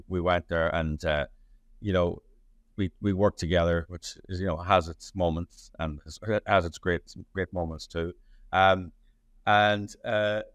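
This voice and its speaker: A deep-voiced man talks through his work as a journalist, rambling with restarts and fillers. The sound is dry and close to the mic. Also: no room sound. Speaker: journalist and playwright. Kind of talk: conversational interview answers.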